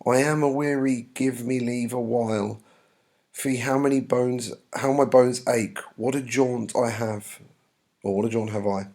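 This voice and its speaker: A man's voice: medium pitch, fairly even intonation, a little mellow, close to an everyday voice. Man reading as a weary, grumbling old nurse. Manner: complaining, drawn-out verse reading. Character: weary older woman servant, grumbling.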